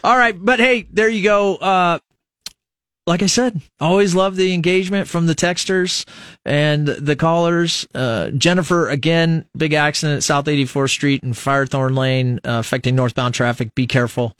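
In a studio, a middle-aged American man hosts a local radio show through a studio microphone, rambling casually, poking fun at himself and laughing at his own slips. His slightly high voice is steady and a bit bright, at a moderate pace with no echo.

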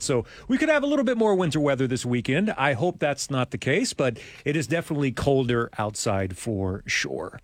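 A man's voice: mid-range voice, animated, a little fast, dry recording. Rambling male radio host in studio. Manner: rambling, chuckles often. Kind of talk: casual morning show chat.

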